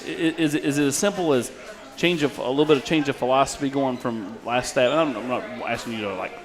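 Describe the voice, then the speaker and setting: A man co-hosting a live sports talk show, asking quick, probing questions. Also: medium pitch. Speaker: co-host. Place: busy restaurant with crowd chatter. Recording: live event with crowd noise.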